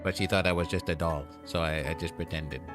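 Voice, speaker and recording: A man doing a monotone doll maid. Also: deep voice, fairly quick, over music, natural voice. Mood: somber. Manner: flat, formal, courteous. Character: monotone doll maid woman, polite and formal.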